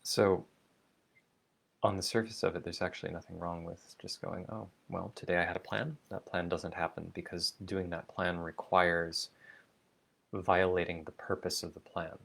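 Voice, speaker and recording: A man talking slowly and thoughtfully in a personal video diary, musing aloud with many fillers and restarts. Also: low voice, gravelly, a bit bright. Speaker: vlogger. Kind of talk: reflective spoken diary.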